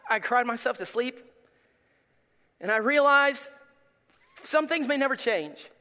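Man, pastor, sermon, high-pitched, bright forceful tone, impassioned, long hall reverb. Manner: impassioned, rising to shouts when retelling his prayers. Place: church hall.

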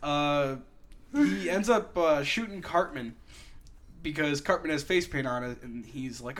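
A man's voice: on the high side, normal speed, fairly bright tone. A young man telling a rambling, profane story in a casual podcast chat. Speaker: podcast co-host.

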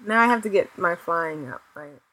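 A woman co-hosting a gaming podcast in casual chat, reacting with quick, sympathetic remarks. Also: lowish voice, sharp tone, a little hiss or hum, poor audio. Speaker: podcast co-host.

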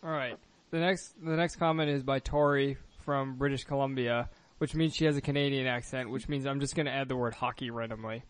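A man's voice: medium pitch, fairly even intonation, brisk. A man co-hosting a casual chat, reading viewer comments aloud with a playful, joking manner. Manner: playful, laughs often, reads comments aloud.

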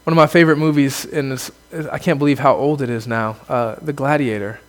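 A man preaching a sermon as a pastor, earnest, building to emphatic exclamations and then dropping low. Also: steady tone, fairly quick, in a large hall.

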